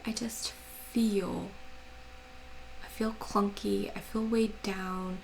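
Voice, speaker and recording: An American woman hosting a crafting channel, chatting casually and hesitantly to camera in a soft, quiet voice with a gravelly edge and frequent ums. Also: mid-range voice, steady tone, a little hiss or hum, rough recording. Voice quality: gravelly, slow and soft-spoken.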